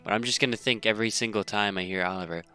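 A man's voice: fairly low pitch, fairly even intonation, very fast, pushed and bright, smooth, soft background music. A young man giving casual let's-play commentary, rambling with joking asides. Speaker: gaming video host.

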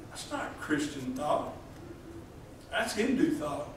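High-voiced man, folksy preaching, jokey questions to the pews, echoey church hall, distant mic. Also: expressive, unhurried, a bit bright, a little hiss or hum. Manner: joking, asks the congregation questions. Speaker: pastor. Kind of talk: folksy sermon.

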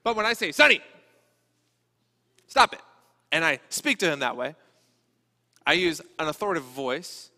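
A man preaching to his congregation in a relaxed, conversational way, slipping in jokes and quick impressions of the people he quotes. His voice sits high and sounds bright and forceful. The sound carries a long reverb, as in a church sanctuary. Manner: conversational, joking asides, acts out quoted voices. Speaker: pastor. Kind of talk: sermon.

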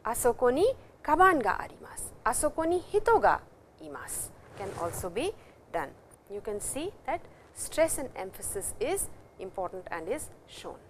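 A woman's voice: a little high, sing-song, moderate pace, slight background noise. A woman teaching a language lesson, who patiently repeats and stresses example phrases. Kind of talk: classroom lecture.

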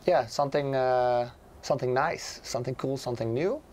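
A man co-hosting a casual livestream, hoarse and raspy from being sick, talking with lots of hesitant fillers and restarts. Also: medium pitch, normal speed, darkish tone. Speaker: livestream co-host.

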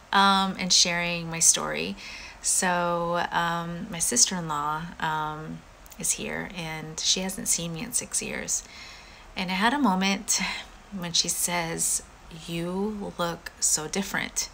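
A woman's voice: lowish voice, creaky, pushed and bright, slight background noise, low-quality recording. A woman talking casually and earnestly to her viewers on a live stream from home, rambling with many fillers. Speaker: vlogger going live.

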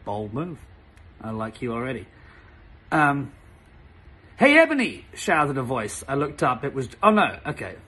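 A man's voice: medium pitch, animated, moderate pace, pushed and bright, breathy edge. A man reading a story aloud as a host, with wry comic asides, stumbling and restarting as he goes. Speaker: channel host reading fan fiction aloud. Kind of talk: comedic dramatic reading with asides.

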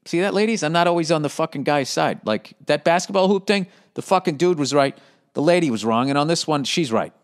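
A man's voice: on the high side, a little fast. Swearing, ranting man podcast host. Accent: Boston. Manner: profane, animated ranting with frequent swearing; reads listener letters aloud, then rants back. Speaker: podcast host answering listener letters.

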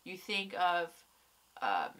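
A young woman speaks slowly in a fairly low pitch while casually reviewing a TV episode. Though tired and stuffy-nosed from crying, she stays rambling and excitable, swearing frequently.

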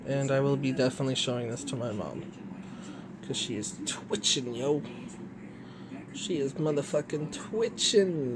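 A vlogger talking casually, softly reassuring a pet in hushed tones that slip into whispers. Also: medium pitch, very animated, moderate pace, background noise. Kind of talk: casual vlog, soothing a pet.

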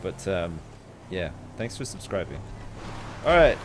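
Excitable swearing male game streamer. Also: deep voice, measured pace, slight background noise. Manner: excitable, swears often, jokey. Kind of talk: live gameplay commentary.

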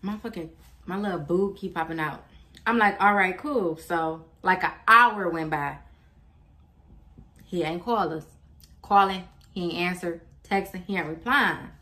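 A woman telling a casual storytime on her channel, blunt and animated, swearing freely and acting out what everyone said. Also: on the low side, unhurried, long pauses. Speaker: vlogger.

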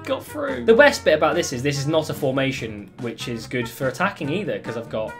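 Young gamer; animated, frustrated shouting and laughing over play, soft backing music. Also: male voice, medium pitch, a little fast, gravelly. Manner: loud exasperated outbursts and laughter. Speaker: gaming YouTuber. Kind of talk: excitable gameplay commentary.

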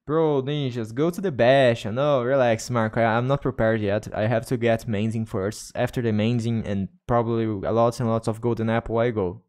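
A man with a Brazilian Portuguese accent talks casually to his viewers during a game livestream. His English comes in halting bits, with words repeated and restarted, at a mid pitch. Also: fairly even intonation, darkish tone. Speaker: streamer. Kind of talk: casual gaming livestream chat.

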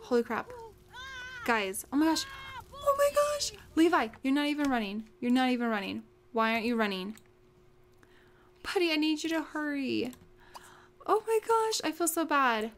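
High, excitable young woman gaming. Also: normal speed, slight background noise. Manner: excitable, gasping and exclaiming often. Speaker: let's play host. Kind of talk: casual gameplay commentary.

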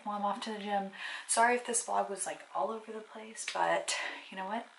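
A woman's voice: mid-range voice, fairly even intonation, brisk, gravelly, a little hiss or hum, poor audio. A young woman talking casually to camera in a vlog, chatty and rambling with lots of filler words. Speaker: vlogger.

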